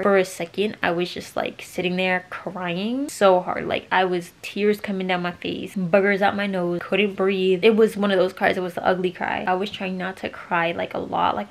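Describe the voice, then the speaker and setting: A woman's voice: on the low side, gravelly. A young woman vlogging to camera, telling a breakup story in casual, slang-filled chat, weepy after crying. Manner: chatty and emotional, slangy, fillers of "like". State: weepy, just cried.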